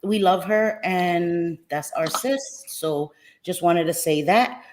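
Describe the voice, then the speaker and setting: Woman, livestream host, casual chat, lower voice, lively, affectionate pet names. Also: slow pace. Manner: lively, greets viewers by name with pet names. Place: home in New Jersey.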